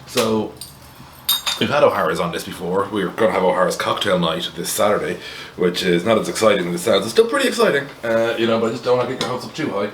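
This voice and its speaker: An Irish man with a low voice talks through a beer tasting in a loose, rambling way. He is wry and blunt, with lots of fillers, and the room gives back a noticeable echo. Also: quick pace, a bit bright, a little hiss or hum. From Ireland. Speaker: beer reviewer, host. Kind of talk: casual chat to camera.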